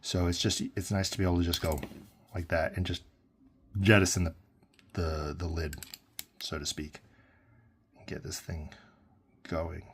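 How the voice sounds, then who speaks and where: A man's voice: low voice, flat delivery, a little slow, long pauses, a little hiss or hum. A man giving a casual, rambling pen review, full of fillers and self-corrections.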